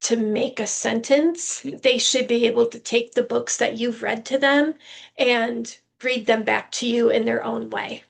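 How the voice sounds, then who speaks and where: An older woman, a retired teacher and grandmother, answering questions slowly and carefully in a casual panel talk, with frequent pauses and ums. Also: on the high side, steady tone, creaky. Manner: slow, measured, with frequent ums.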